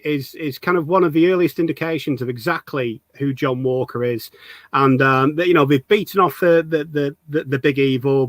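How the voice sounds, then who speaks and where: A man's voice: on the high side, no room sound. A man from the UK hosting a casual fan interview, explaining his views in an earnest, thorough way. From United Kingdom. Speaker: host.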